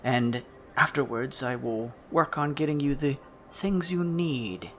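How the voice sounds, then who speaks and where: Man doing a hushed, sly gem-eyed jeweler. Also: medium pitch, measured pace, a little hiss or hum, lightly acted. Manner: hushed, confiding, often drops to a whisper. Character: sly male jeweler shopkeeper with a gem for an eye.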